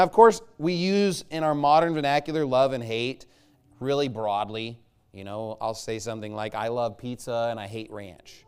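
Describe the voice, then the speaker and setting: A man preaching a conversational sermon, emphatic, punching his points and tagging them with "okay?" and "all right?". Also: smooth. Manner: lively, jumps between loud stresses and low asides.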